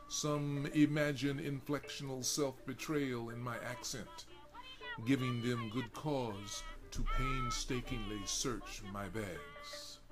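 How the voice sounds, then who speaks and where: A male narrator reads his own first-person prose with unhurried, deliberate weight. His voice sits at an ordinary pitch and paints each scene vividly. Marimba music plays steadily behind him. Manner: slow, deliberate, vivid delivery.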